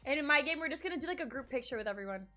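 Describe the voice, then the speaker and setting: A woman's voice: high voice, animated, rapid-fire. A young woman hosting a casual gaming livestream, bubbly and bossy as she directs her friends. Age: young adult. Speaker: streamer and host. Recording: faint game music behind.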